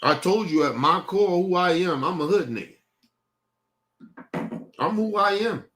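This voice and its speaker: A man's voice: high-pitched, expressive, a little slow, fairly bright tone. Heated, profane man ranting on stream. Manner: heated, profane, repeats himself. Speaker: streaming show host. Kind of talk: casual rant to a stream audience.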